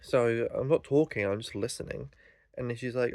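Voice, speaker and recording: A man's voice: mid-range voice, fast talker, no room sound. Rambling, sweary young man. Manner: rambling, sweary, full of fillers. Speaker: vlogger. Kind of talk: casual storytelling rant.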